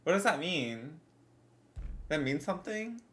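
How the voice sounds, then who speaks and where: A woman's voice: low-pitched, sing-song, a little slow, a bit bright. A young woman in her twenties, a bit congested, rambling casually as she answers her livestream chat.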